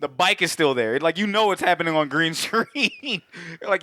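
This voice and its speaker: A man co-hosting a podcast, recapping a movie in casual, profane chat, laughing and acting out characters in quick bits. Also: on the high side, expressive, sharp tone. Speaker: podcast co-host.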